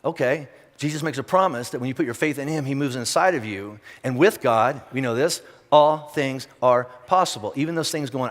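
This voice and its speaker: A man's voice: mid-range voice, brisk, few pauses. A man preaching a sermon to his congregation in a direct, conversational way, firing off rhetorical questions. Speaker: pastor. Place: large church auditorium. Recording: long reverb of a large church hall.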